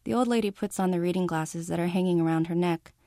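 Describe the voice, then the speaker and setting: Woman author reading her book out loud, calm steady narration, lowish mellow voice. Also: quick pace, no echo, studio quality. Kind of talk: reading her novel aloud.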